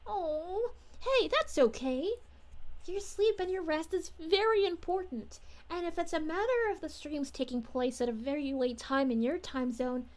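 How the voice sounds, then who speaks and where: Brief: sweet bubbly young princess, woman voicing, very high and sing-song, livestream chat in character. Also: a little mellow. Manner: gushing, sing-song greetings to viewers. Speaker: VTuber streamer.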